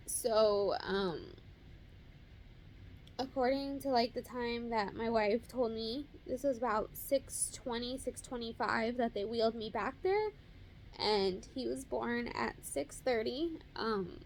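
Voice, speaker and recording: A woman's voice: fairly high pitch, a little hiss or hum. A young woman vlogger telling the story of her son's birth in a casual, emotional way, full of fillers. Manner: emotional, fast-paced retelling with many fillers.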